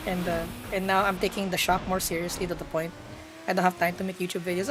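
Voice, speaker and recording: A woman's voice: fairly low pitch, lively intonation, normal speed, pauses often, music in the background. A young woman, chatting playfully to her live-stream audience while gaming and laughing often.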